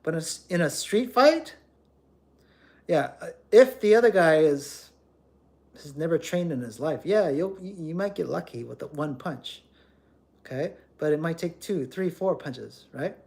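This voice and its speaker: A man's voice: fairly high pitch, lively intonation, a little slow, creaky, darkish tone. Guy ranting on his livestream, blunt and preachy, repeats himself, voice jumps all over. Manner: emphatic, repeats words, blunt and scolding. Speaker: livestream host.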